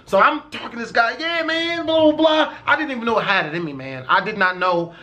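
A man's voice: high-pitched, very animated, fast talker, sharp tone. A young man telling a personal story in casual, profane vlog style, swearing constantly and stressing words hard.

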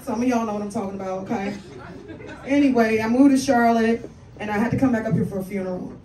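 Profane fortysomething lady doing standup, kinda high voice, far off in an echoey club, crowd laughing loud. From Washington, D.C. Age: 40s. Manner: brash, profane, fast-talking with laughing asides. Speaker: stand-up comedian. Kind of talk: stand-up comedy set. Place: comedy club stage.

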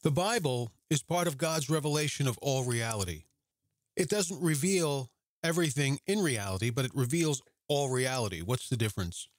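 A man talks straight into a close microphone for his own religious podcast, earnest and conversational. He keeps asking his listeners rhetorical questions. His voice sits at an ordinary middle pitch, and the sound is dry with no room echo. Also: lively intonation, normal speed. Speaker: podcast host. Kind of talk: solo religious podcast talk.

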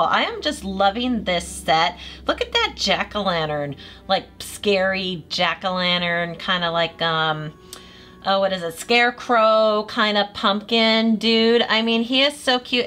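Gushing woman with a bright voice. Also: fairly high pitch. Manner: gushing, enthusiastic. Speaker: nail product reviewer. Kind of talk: casual product review vlog.

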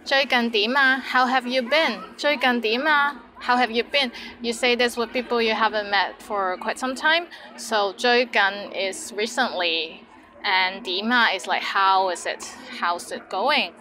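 A woman's voice: on the high side, measured pace, bright, forceful tone, a little hiss or hum, rough recording. A woman teaching phrases in a playful, upbeat lesson. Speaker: language teacher. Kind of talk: lively language lesson.

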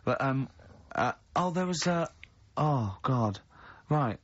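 On his radio show, a man teases his co-hosts and wanders through long stories in easygoing banter. His medium-pitched voice is animated yet slow. The recording has a dull, lo-fi radio quality.

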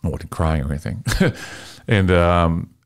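A middle-aged man from Texas, a marketing consultant guest telling an animated, emotional story and acting out dialogue in a podcast interview. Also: sits low, unhurried, clean tone. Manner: lively, emotional storyteller, often acts out dialogue.

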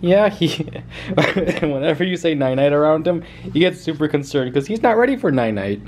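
A man vlogging from his living room, swinging between relaxed chatter to viewers and a lilting, animated voice for his dog. His middle-pitched voice moves widely up and down. Faint household noise sits behind him. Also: moderate pace. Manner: coos at his puppy in a higher, sing-song voice. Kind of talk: casual home vlog.

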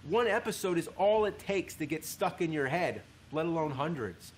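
Animated man reviewing a show, casual swearing. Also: a little high, normal speed, few pauses.

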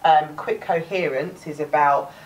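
A woman's voice: low voice, unhurried, distant mic, slight background noise, low-quality recording. A woman with a Cockney accent teaching a live workshop, chatty, restarting words and laughing often. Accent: London Cockney. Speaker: workshop presenter.

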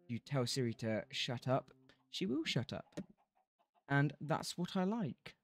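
A man's voice: mid-range voice, big pitch swings, unhurried, dry recording. A man streaming a building game, rambling casually, swearing freely and laughing often. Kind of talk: casual livestream commentary while gaming.

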